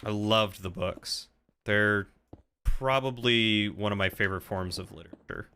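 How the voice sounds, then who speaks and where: A man's voice: on the low side, a little slow, pushed and bright, a little hiss or hum. A man chatting casually on a stream with a friend in a friendly, joking way. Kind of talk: casual chat.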